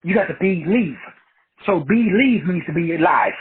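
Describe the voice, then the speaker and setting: Over a tinny, phone-like line, a man with a high, expressive, husky voice talks at normal speed. He's a podcast host delivering a preachy motivational monologue on his talk show, packed with wordplay and repeated phrases.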